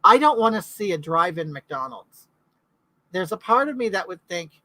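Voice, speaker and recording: A woman's voice: on the low side, big pitch swings, normal speed, sharp tone, low-quality recording. A middle-aged woman from California, hosting a casual live chat in a rambling way and answering viewers' comments. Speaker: livestream host.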